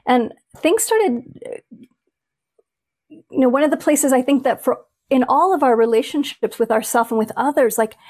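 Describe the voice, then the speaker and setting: A woman's voice: fairly high pitch, darkish tone. A woman talking earnestly and reflectively about inner life in a conversation, thinking aloud with frequent restarts. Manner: earnest, searching, with many restarts.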